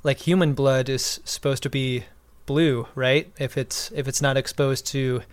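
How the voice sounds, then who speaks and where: A man's voice: medium pitch, steady tone, unhurried, smooth, dry recording. A man co-hosting a podcast in casual chat, making dry wisecracks. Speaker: podcast co-host.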